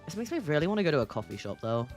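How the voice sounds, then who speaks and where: Giggly low-voiced woman streamer. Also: big pitch swings, racing, a little mellow, soft background music. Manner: giggly, playful, teasing. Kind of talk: casual commentary while reading a game aloud.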